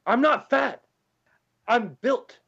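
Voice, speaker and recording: A man's voice: very high voice, slow pace, gravelly, pushed and bright, slightly rough, lo-fi sound. A man playing a tabletop role-playing game, trading goofy in-character insults. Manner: goofy, trash-talking banter. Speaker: player.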